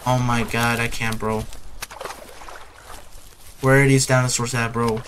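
A man's voice: mid-range voice, level tone, a little slow, fairly bright tone, slight background noise. Jittery young man scared by a horror game. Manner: jittery, nervous, repeats himself, ends phrases with "bro". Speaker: gaming YouTuber. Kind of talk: casual horror game commentary.

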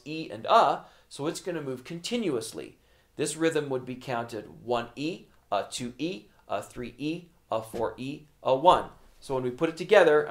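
A man teaching a drum lesson, patiently explaining hand motions and counting rhythms aloud as he demonstrates. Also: medium pitch. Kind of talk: instructional lesson.

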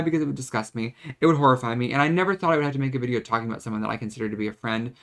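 A man's voice: mid-range voice, fast talker, hardly any pauses, fairly bright tone. Emotional young man, rambling vlog. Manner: rambling and emotional, with frequent restarts. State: choked up, close to tears. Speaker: vlogger.

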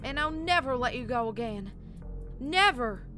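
A man's voice: very high voice, expressive, measured pace, over music, voice pushed up. A man reading a horror fanfic, voicing an entranced young mare. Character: entranced mare, tearfully joyful.

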